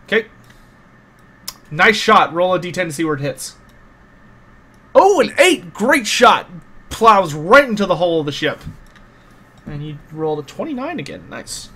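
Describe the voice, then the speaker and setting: A man's voice: fairly high pitch, animated, moderate pace, long pauses, sharp tone. A man narrating as game master of a tabletop game, loose and casual with lots of fillers and restarts.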